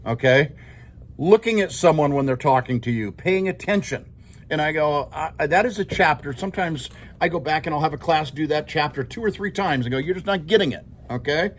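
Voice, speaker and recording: A middle-aged man, a teacher, giving his class a rambling, informal talk, often chuckling and checking in with "okay?". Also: on the high side.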